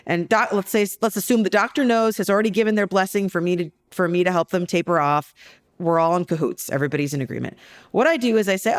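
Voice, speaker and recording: A woman psychologist talking as a guest on a podcast interview, telling stories in a lively, joking way. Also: fairly low pitch, fast talker. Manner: lively, jokey storytelling.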